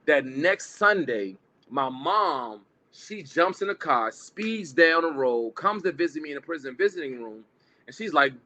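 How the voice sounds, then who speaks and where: A man's voice: fairly high pitch, animated, a little slow, pushed and bright. A man in his forties telling a personal story to students, acting out the dialogue. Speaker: public speaker. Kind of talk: storytelling talk.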